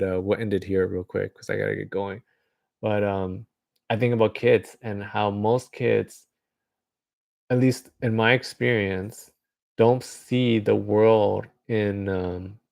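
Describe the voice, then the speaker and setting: A man's voice: fairly low pitch, vocal fry, darkish tone, no echo, studio quality. A man vlogging alone in a casual, meandering monologue, full of filler words, sometimes acting out imagined voices.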